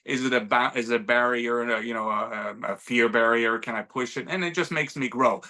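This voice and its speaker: A man's voice: medium pitch, brisk, pushed and bright. A middle-aged man from Montreal, an actor chatting as an interview guest, self-deprecating and full of restarts. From Montreal, Canada. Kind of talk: casual interview conversation.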